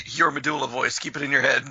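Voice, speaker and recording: A man's voice: medium pitch, steady tone, brisk, bright, forceful tone, slightly rough, dry recording, lo-fi sound. A man co-hosting a podcast in casual chat, blunt and joking, with some swearing. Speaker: podcast co-host.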